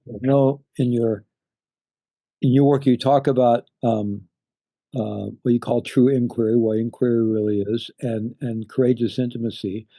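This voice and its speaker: A man's voice: medium pitch, steady tone, moderate pace, dark tone, dry recording, studio quality. A man hosting an interview, asking thoughtful, somewhat hesitant questions. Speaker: interviewer, summit host. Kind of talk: casual interview conversation.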